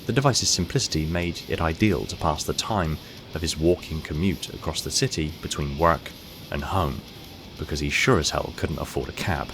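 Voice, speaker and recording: A man narrating an audiobook short story in a steady, measured storytelling manner. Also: extremely low pitch.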